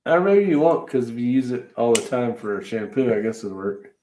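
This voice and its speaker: A man's voice: mid-range voice, animated, normal speed, darkish tone. A man co-hosting a casual podcast, joking and teasing his co-host. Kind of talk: casual chat.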